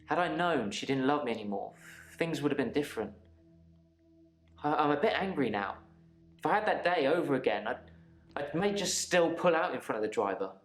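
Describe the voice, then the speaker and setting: An actor playing a subdued, regretful patient in a video game, with acted dialogue. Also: male voice, on the high side, animated, a little fast, roomy sound, lightly acted.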